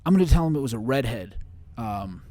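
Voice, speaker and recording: A young man from Chicago, a guest on an interview show, recounting a personal story in a halting way with many fillers and restarts. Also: mid-range voice, expressive, dark tone.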